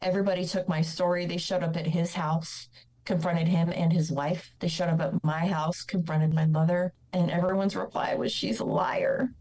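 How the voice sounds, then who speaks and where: A woman's voice: on the low side, level tone, moderate pace, warm tone, rough recording. Candid woman telling a painful story. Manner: candid, blunt and emotional. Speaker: guest. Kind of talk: personal storytelling.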